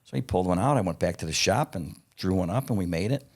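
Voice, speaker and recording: Man, 50s, very low voice, salty raconteur who chuckles as he tells stories. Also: fast. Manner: profane, blunt, acts out quoted dialogue; chuckles between lines. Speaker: podcast guest, parts company founder. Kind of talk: casual anecdotal storytelling.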